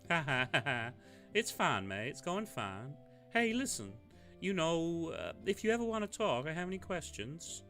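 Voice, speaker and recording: A man's voice: fairly high pitch, big pitch swings, moderate pace, a bit bright, faint music behind, voice pushed up. A man doing a chirpy Southern lady pastor. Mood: upbeat. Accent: put-on Southern US. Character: cheery Southern woman pastor, gentle and upbeat. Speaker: let's play narrator voicing characters.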